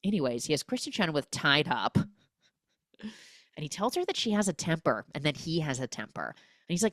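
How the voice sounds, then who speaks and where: A woman hosting a podcast, recapping a film with comic energy and acting out the characters' lines in quick voices. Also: deep voice, big pitch swings, fairly bright tone, no room sound, clean studio sound. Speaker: podcast host.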